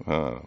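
A man's voice: a little mellow, dry recording, highs cut off. A man ranting angrily as a talk show host, swearing constantly and laughing mockingly. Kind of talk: profane conspiracy rant.

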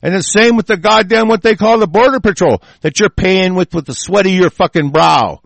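Man, radio host, furious cursing rant, gravelly rough voice, dry close sound. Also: sits high, brisk, no room sound. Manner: profane, shouting, heavy cursing. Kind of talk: angry political rant.

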